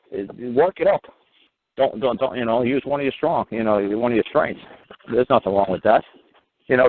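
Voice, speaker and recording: A man's voice: mid-range voice, slight background noise. A man with a New York accent talking bluntly and profanely, acting out quoted exchanges as he gives advice on a call-in show. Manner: blunt, profane, animated storytelling with mocking quotes. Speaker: talk show guest giving advice. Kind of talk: casual phone-in talk. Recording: tinny phone line.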